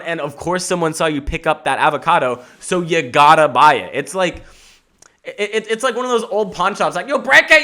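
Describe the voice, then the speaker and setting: A young adult man hosting a podcast, riffing in a casual comedic monologue, rambling and swearing freely. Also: a little high. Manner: animated, rambling, swears freely, self-mocking. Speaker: podcast host.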